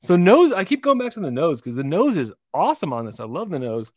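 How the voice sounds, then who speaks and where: A man co-hosting a podcast, his voice set a bit high and swinging widely as he talks. He tells stories with a lot of animation and throws himself into acting out the quotes. The sound is dry and close. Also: brisk, dry recording. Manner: animated storyteller, acts out quotes. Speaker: podcast co-host. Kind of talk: casual chat.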